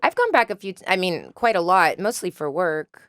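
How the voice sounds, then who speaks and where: An actress guest chatting in a studio interview, telling stories in an animated way and mimicking voices, Russian her first language. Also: on the low side, moderate pace, no echo. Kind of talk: casual interview chat.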